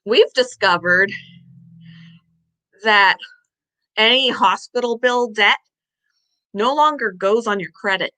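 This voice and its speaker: A woman's voice: mid-range voice, slow pace, pauses often, pushed and bright, low-quality recording. A woman vlogger chatting casually to the camera, telling a long story in a rambling way and sometimes out of breath. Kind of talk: casual chat.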